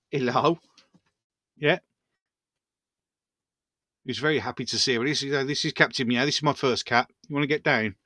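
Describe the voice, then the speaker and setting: A man's voice: medium pitch, sharp tone, no room sound, clean studio sound. A man hosting a casual live stream, rambling through viewer comments and chatting to his pets.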